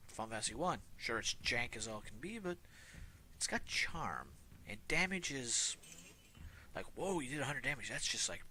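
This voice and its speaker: Male streamer, thirties, mid-pitched, rambling casual commentary over clear game music. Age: 30s. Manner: rambling, self-mocking asides. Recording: game music playing behind.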